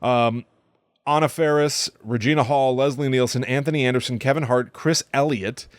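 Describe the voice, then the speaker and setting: A man's voice: mid-range voice, fairly even intonation, moderate pace, dry recording. A man co-hosting a podcast, chatting casually and wryly as he recaps a film with dry jokes. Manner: wry, chatty, recounting plot with dry jokes. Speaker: podcast co-host. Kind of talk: casual movie-review chat.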